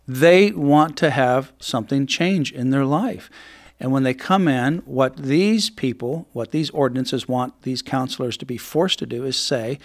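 Guy hosting a radio talk show, emphatic and kinda indignant, mid pitch. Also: unhurried.

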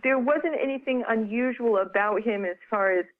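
A woman's voice: fairly high pitch, normal speed. Chatty woman on a phone line. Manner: chatty, lively retelling with many "you know"s. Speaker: author and guest. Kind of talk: casual storytelling interview.

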